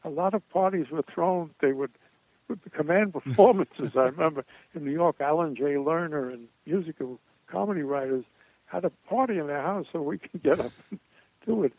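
Older man, slightly high voice, rambling anecdotes, halting uh and restarts, tinny phone line, dry sound. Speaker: guest comedian. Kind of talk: storytelling in a radio interview.

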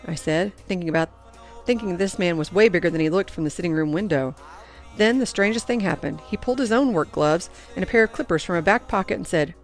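A woman reading first-person audiobook narration in an earnest, expressive way. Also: fairly low pitch, fast, soft background music.

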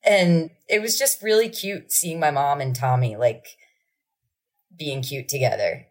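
A woman's voice: sits low, measured pace. A woman musician telling casual stories as a podcast guest, acting out the people in them. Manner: lively anecdotes with acted-out quotes. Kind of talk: casual storytelling.

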